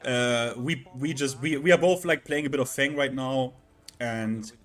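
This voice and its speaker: Halting male streamer, middle pitch. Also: a bit bright. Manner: halting, repeats words, many fillers. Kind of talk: casual live-stream chat.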